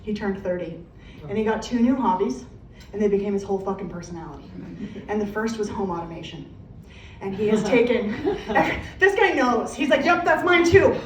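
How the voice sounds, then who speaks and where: A woman's voice: mid-range voice, lively intonation, moderate pace. An American woman doing stand-up comedy, telling profane stories and acting out voices, recorded live in a comedy club. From United States. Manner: brash, profane storytelling with acted-out voices. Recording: echoey room, distant mic, faint noise.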